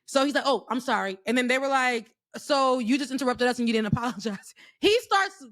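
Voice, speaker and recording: A woman co-hosting a podcast, telling stories excitedly and with emphasis. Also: sits high, brisk, no room sound, studio quality. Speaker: podcast co-host. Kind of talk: casual chat.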